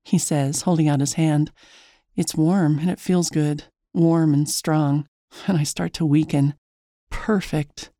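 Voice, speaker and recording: A woman's voice: low voice, fairly even intonation, slow, mellow, no room sound, studio quality. A woman narrating a first-person story in a chatty, wry, self-mocking way.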